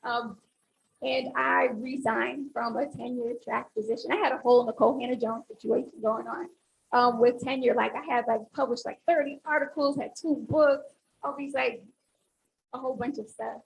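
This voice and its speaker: A woman academic speaks on a panel in a high, gravelly voice. She talks with animation and walks the audience through an exercise step by step. A faint hiss sits under the recording. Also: normal speed, poor audio. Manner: animated, instructive, audience-engaging.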